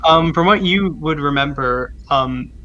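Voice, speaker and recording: A man's voice: on the high side, measured pace, bright, forceful tone, lo-fi sound. A man narrating as game master, describing scenes with many ums and restarts. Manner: hesitant, lots of ums while describing.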